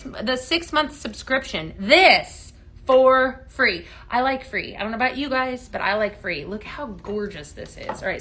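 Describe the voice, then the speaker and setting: A woman with a bright, clear voice pitched a little high hosts a live sales stream. She sounds upbeat and chatty, calling out viewers by name and filling pauses with easy fillers. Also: a little hiss or hum.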